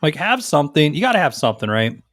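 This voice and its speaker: A man co-hosting a casual podcast, telling stories with plenty of swearing, and his pitch leaps up and down as he acts out what others said. The sound is dry and close, with no room behind it. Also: racing, dry recording. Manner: profane, animated, acts out others' lines. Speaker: podcast co-host. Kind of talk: casual banter, storytelling.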